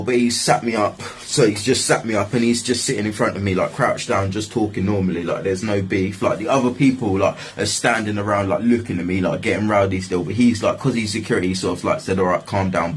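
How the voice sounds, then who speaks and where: A man's voice: fairly low pitch, slight background noise. A man telling a story in a loose, casual way, swearing freely and filling his talk with fillers.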